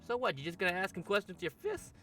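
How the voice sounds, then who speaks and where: A man voicing a brash, rough-talking teenage boy with a put-on drawl while reading a game's dialogue. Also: high voice, sing-song, very fast, pushed and bright, faint music behind, pitched above the performer's own voice, heavily acted. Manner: slangy, drawling put-on accent. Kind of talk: game voice-over reading.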